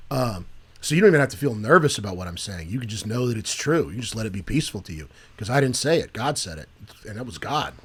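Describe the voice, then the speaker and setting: Animated man co-hosting a faith podcast. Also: mid-range voice. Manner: animated, joking, then earnest and preachy. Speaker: podcast co-host. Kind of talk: casual faith chat.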